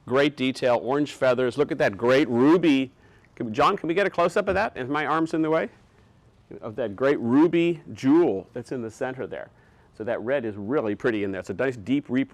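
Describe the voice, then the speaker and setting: A man in a showroom, showing off pieces from his collection in a loose, chatty way. His voice sits at a middle pitch, and he keeps gushing that everything is fabulous and spectacular. He moves around while he talks. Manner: gushing, enthusiastic, lots of superlatives. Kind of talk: casual product showcase.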